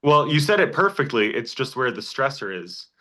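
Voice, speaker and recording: A man's voice: mid-range voice, very animated, moderate pace, bright, forceful tone. A man teaching a Greek class in a church classroom, explaining step by step and encouraging his students with examples. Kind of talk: informal class lecture.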